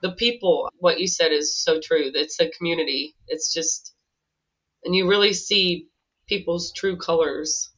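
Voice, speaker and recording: Brief: woman with a bright, sharp voice, chatty co-host who laughs easily, dull lo-fi recording. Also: fairly low pitch, unhurried. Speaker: podcast co-host. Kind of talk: casual conversational storytelling.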